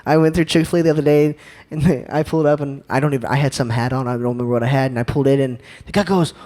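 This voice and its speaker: A man's voice: mid-range voice, fairly even intonation, racing, darkish tone. A young man giving an upbeat, joking church talk, often asking the crowd questions. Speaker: youth speaker.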